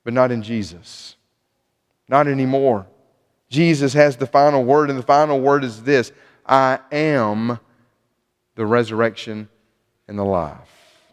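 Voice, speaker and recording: Man preaching, earnest sermon, mid pitch, restarts and repeats, long hall reverb. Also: a little slow, pauses often, clear, resonant tone. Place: church sanctuary.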